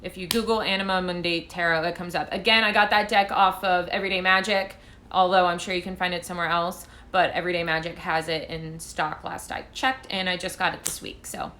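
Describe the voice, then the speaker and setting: A woman's voice: lowish voice, level tone, a little fast, bright, forceful tone, slight background noise. A woman tarot reader chatting casually on a phone live stream, rambling and self-deprecating as she answers viewer questions. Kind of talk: casual livestream chat.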